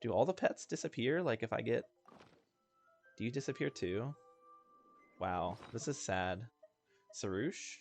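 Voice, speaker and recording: With a medium-pitched, expressive voice, this gaming host talks a little slowly and leaves long pauses. He rambles casually through a let's-play, laughing often and joking about himself while faint game music plays.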